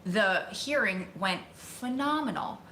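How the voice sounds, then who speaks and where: A woman vlogger telling a story to her viewers in an excited, emotional, rushing way. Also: mid-range voice, a little hiss or hum. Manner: excited, emotional, talks fast in bursts. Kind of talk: casual storytelling to camera. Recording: echoey room.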